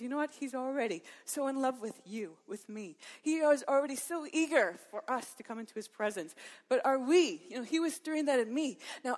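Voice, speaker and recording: A middle-aged woman telling a personal faith story in a sermon-like talk, acting out her own thoughts and laughing often. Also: a little high. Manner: lively storyteller who acts out her own inner dialogue and laughs often. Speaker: Christian women's speaker.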